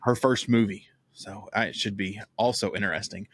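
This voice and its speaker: A man in his thirties with a fairly low voice hosts a casual podcast chat. He tells stories in an easygoing, talkative way and laughs along. The sound is dry and close, with no room echo. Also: steady tone, moderate pace, husky. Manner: chatty, storytelling, laughs often. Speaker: podcast host.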